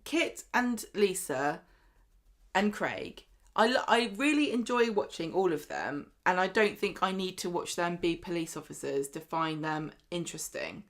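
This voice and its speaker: A woman, co-hosting a podcast in casual chat, animated and argumentative, often laughing. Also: on the low side, a little slow. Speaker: podcast co-host.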